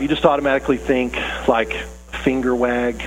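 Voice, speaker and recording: A man's voice: mid-range voice, a little fast, long reverb tail, a little hiss or hum, poor audio. A man preaching a sermon in a conversational, earnest way, often asking his listeners questions. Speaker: pastor.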